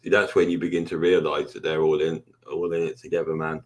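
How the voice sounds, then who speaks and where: A man in casual chat, rambling and halting with many fillers. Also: rumbling low, level tone, slight background noise.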